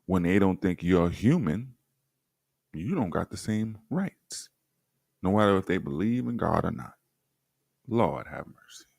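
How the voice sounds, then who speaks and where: A livestream host with a low, gravelly, somewhat dark and slightly rough voice reads historical documents to his chat, breaking in often with sardonic asides aimed right at viewers. His pace is slow and relaxed, yet his intonation is lively, with wide pitch swings. The sound is dry and close-miked, free of room echo.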